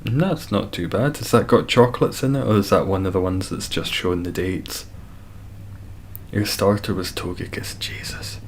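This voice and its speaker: A man's voice: sits low, lively intonation, fairly quick, few pauses, slight background noise. A Scottish man chatting casually with viewers on a live stream, laid-back and swearing freely as he reads the chat. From Scotland.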